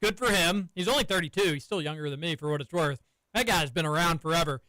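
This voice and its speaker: A man's voice: a little high, fast, bright, forceful tone, no echo, rough recording. A man in his thirties hosting sports radio, telling stories and teasing his cohosts in a studio. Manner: chatty, storytelling, teasing. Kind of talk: casual sports radio banter. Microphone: studio microphone.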